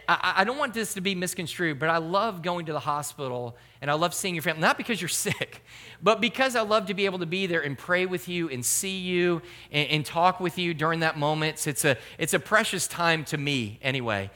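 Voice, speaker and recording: Male pastor, middle-aged, high voice, forceful tone, earnest sermon delivery. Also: brisk. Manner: earnest, emphatic preaching.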